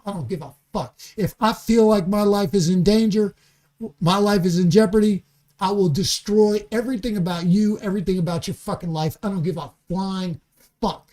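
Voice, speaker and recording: A man's voice: high-pitched, a little mellow. Heated, profane man ranting on a podcast. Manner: repeats words and restarts sentences. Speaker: podcast guest. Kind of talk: casual podcast conversation. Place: podcast studio.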